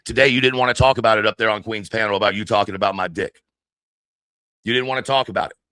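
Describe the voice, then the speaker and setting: A man's voice: lowish voice, fairly even intonation, fast, sharp tone, no room sound. Furious man ranting on a dry mic. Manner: heated, profane, confrontational. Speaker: livestreamer. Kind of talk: angry livestream rant.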